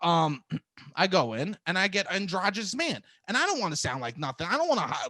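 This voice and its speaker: A man co-hosting a podcast, telling profane, animated stories about auditions and laughing often. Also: sits high, fairly quick, dry recording, clean studio sound. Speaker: podcast co-host, comedian. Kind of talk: casual storytelling chat.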